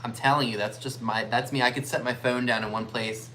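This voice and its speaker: Bright-voiced joking man co-host. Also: medium pitch, fairly even intonation, fairly quick, slight background noise. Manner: joking, teasing, reads out bids. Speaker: live sale co-host. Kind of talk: casual chat during a live online sale.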